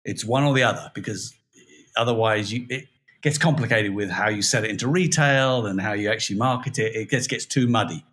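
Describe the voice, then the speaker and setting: A man with a British accent, a toy designer chatting casually as a guest on a podcast, lively and self-deprecating. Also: lowish voice, fairly quick. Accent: British English.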